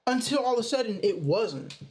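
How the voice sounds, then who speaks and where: A young man casually telling a personal story in a slangy, animated way. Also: extremely high pitch, a little fast. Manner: slangy, animated retelling with "bro" and "you know". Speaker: storytime vlogger.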